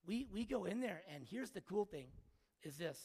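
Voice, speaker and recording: A man preaching a sermon as a story, earnest and emotional, halting with restarts. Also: high voice, lively intonation, darkish tone, husky. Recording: long hall reverb.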